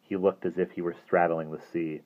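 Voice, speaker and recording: A man reading a novel aloud as audiobook narration, in a steady, measured way. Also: low-pitched. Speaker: audiobook reader. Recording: tinny phone-like audio.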